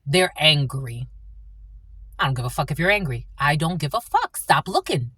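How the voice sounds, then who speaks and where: A woman in her thirties delivers a tarot reading bluntly, swearing often and repeating herself. Her voice sits low, swings widely in pitch and has a bright, forceful edge. The sound is close and dry. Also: animated, moderate pace, slightly rough, dry recording. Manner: profane, blunt and repetitive. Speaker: tarot reader. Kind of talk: angry spiritual tarot reading.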